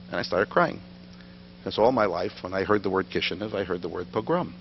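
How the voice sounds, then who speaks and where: A man's voice: low voice, quick pace. A middle-aged man, giving a lecture full of anecdotes and self-deprecating humor in a synagogue hall. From New York, USA. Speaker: guest lecturer. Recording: dull lo-fi recording with faint hum.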